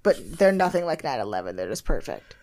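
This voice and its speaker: A woman in her twenties co-hosting a podcast, casually recapping a TV show, animated and swearing freely. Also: very deep voice, brisk. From United States. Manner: animated, swears freely, acts out others in bursts. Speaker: podcast co-host.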